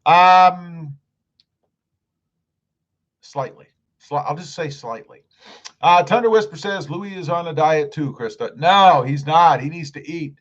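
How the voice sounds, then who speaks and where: A man's voice: a little high, takes it slowly, long pauses, fairly bright tone, highs cut off. A middle-aged man hosting a casual live stream, reading viewer comments aloud in a friendly, upbeat way.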